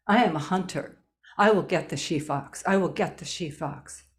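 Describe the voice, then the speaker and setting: A woman voicing a determined male hunter and father, speaking in loud, firm declarations. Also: fairly low pitch, normal speed, natural voice.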